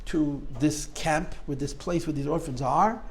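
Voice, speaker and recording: A man teaching a Torah class, telling a story with lively, dramatic emotion and acting out the quotes. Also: fairly high pitch, measured pace, a little hiss or hum, low-quality recording. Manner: animated storyteller, acts out quotes with rising emotion.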